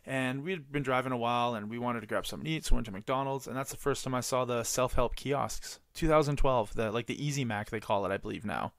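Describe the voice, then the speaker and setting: A man's voice: medium pitch, quick pace, hardly any pauses, no echo, studio quality. A man co-hosting a podcast in casual chat, telling rambling stories full of swearing and filler words. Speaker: podcast co-host.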